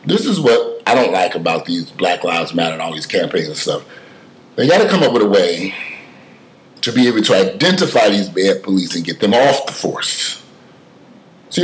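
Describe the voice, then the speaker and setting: Lowish-voiced man, animated and profane. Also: low-quality recording. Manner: animated, emphatic, heavy cursing, swings from loud to muttered. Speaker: commentator. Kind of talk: casual spoken commentary with storytelling.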